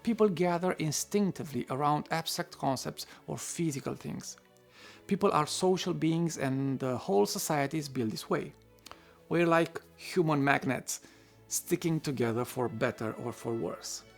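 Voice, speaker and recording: Gravelly man narrating an essay. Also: on the high side. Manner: reflective, occasional wry asides.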